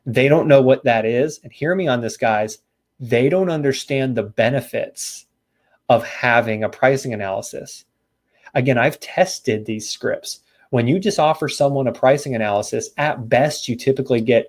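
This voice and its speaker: Seminar trainer, male, folksy straight talk, coaching agents, middle pitch. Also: animated, moderate pace, a little mellow. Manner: casual, folksy coaching with acted-out door scripts. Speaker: real estate sales trainer.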